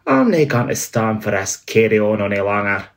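A man with a North-East Scots accent reading the part of a gruff, miserly old male employer in a storybook. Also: fairly low pitch, wildly swooping pitch, moderate pace. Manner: gruff, clipped growl.

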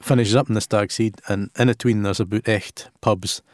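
A Scottish man chatting casually on a radio show, halting and restarting as he tells local lore in Scots words. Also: on the low side, steady tone, darkish tone, dry recording, studio quality.

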